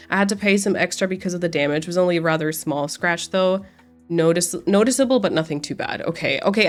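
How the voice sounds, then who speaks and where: Congested, rambling woman streamer. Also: lowish voice. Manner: rambling, with frequent restarts. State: congested, nasal from a cold. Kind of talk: casual livestream chat with viewers. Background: faint background music.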